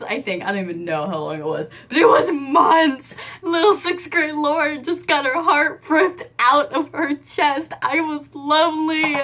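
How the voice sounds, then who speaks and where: A young adult woman telling a personal story in a casual vlog, animated, acting out the dialogue and laughing often. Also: high-pitched, normal speed, hardly any pauses. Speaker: vlogger.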